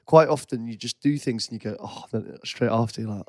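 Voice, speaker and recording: A man's voice: mid-range voice, brisk, mellow, no echo, studio quality. A man co-hosting a podcast in casual chat, easygoing and self-mocking, laughing often. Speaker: podcast co-host.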